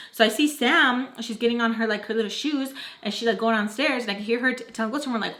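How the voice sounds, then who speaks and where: This vlogger's voice is a little high and fast as she, a young woman, walks her viewers through a personal storytime. Her slang is casual and her delivery animated, complete with acted-out voices for everyone she quotes.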